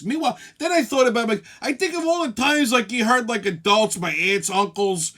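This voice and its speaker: A man's voice: high voice, big pitch swings, fairly quick, hardly any pauses, sharp tone. A man hosting a comedic monologue show, profane and laughing at his own jokes. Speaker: host.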